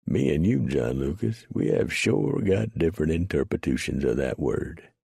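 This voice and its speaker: Man voicing a wry mountain man, folksy drawl, dry humor, deep gravelly voice, husky. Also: big pitch swings, normal speed, dark tone, dry recording, full character voice. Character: rough old mountain man, wry, unbothered.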